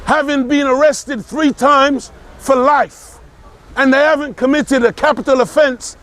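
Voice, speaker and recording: A man giving an impassioned political talk, forceful and emphatic, repeating key phrases and rising to shouts. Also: extremely high pitch, steady tone, a little slow. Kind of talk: impassioned speech.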